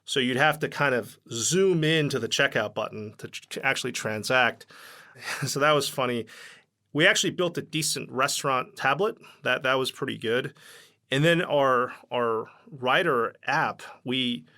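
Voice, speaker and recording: A man's voice: medium pitch, unhurried, sharp tone. A man, a company founder guest on a podcast, telling loose, rambling stories full of fillers and acted-out quotes. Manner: rambling, lots of fillers, acts out quoted dialogue. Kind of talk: casual interview storytelling.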